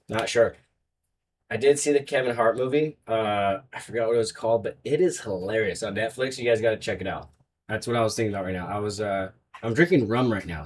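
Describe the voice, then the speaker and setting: A man's voice: fairly low pitch, far from the mic, a little hiss or hum. A man hosting a sports betting show, running through his picks in a hyped, rambling, jokey way. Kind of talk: casual betting picks talk.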